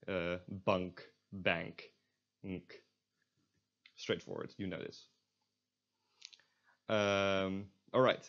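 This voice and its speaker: Dutch-accented man teaching, lo-fi sound. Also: on the low side. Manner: explains step by step, stops to correct himself. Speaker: language tutor. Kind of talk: casual recorded lesson. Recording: dull lo-fi audio.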